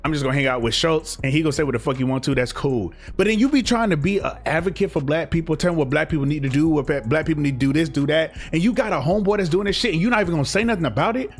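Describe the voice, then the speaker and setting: A man's voice: fairly high pitch, racing, hardly any pauses, faint music behind. A young man, giving a blunt, profane, heated commentary rant as a reaction streamer.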